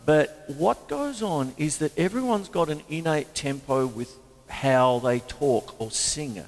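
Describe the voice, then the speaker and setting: A man's voice: fairly high pitch, animated, slow pace, big-room sound. A man hosting a casual livestream drum lesson from his home studio, chatty and rambling, laughing at his own jokes. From Australia. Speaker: drum teacher and show host.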